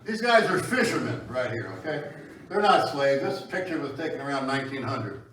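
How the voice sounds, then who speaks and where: A tripod camera far off in an echoey meeting hall records a history lecturer speaking fairly quickly in a sing-song, medium-pitched voice with a fairly bright tone. He gives a conversational public history talk to the audience, often asking them questions, with slight background noise.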